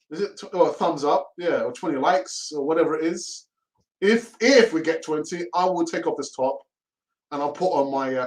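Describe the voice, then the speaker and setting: Brief: middle-aged man, fan-channel host, loose and chatty, a little higher-pitched than most men, laughs easily. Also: rough recording. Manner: chatty and laughing, often repeats himself. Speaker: host of a fan live stream. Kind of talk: casual live-stream chat.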